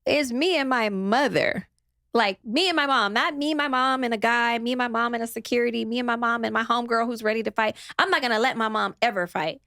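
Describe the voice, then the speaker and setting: A young woman tells her side of a story to an interviewer, animated and blunt, cursing freely. Her voice sits on the higher side. The sound is close and dry, with no room echo. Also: fairly quick. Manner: animated, acts out others' voices, swears freely. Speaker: guest.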